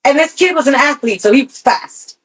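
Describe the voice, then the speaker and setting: A woman co-hosting a podcast, telling a personal story in casual chat, animated and swearing freely. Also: high voice, fairly quick, rough recording. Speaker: podcast co-host.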